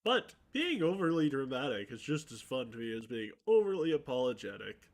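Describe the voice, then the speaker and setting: Male streamer talking to himself, self-mocking with mock-announcer bits, very animated pitch. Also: fairly quick, few pauses. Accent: mixed, hard to place. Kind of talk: solo livestream chatter.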